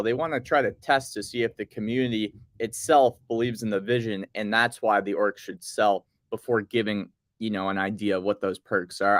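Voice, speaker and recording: A man's voice: medium pitch, no echo. Chill guy on a podcast rambling about crypto projects, dry close mic. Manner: relaxed, rambling, reads project notes aloud. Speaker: podcast co-host. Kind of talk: casual crypto news chat.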